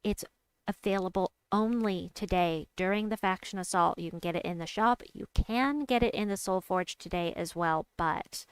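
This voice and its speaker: A young adult woman chatting casually while she plays a game, reading out and answering her chat and squealing with excitement at big moves. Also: fairly low pitch, clear, resonant tone, no echo. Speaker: game streamer. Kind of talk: casual gameplay commentary.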